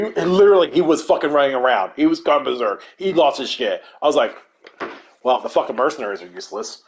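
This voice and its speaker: A man telling a gaming story in casual chat, swearing a lot and acting out what others said. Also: mid-range voice. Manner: animated and profane, acts out what others said.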